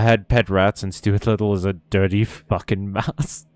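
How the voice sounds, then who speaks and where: Joking man, low voice. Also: flat delivery, a little slow, few pauses, darkish tone, dry recording. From South Africa. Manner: joking, self-deprecating, swears freely. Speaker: streamer. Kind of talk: casual game commentary and chat reading.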